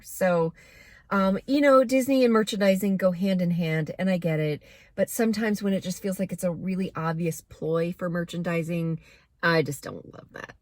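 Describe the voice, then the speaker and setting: A woman's voice: medium pitch, normal speed, no room sound, clean studio sound. A woman giving a casual, candid movie review to camera, chatty with plenty of fillers.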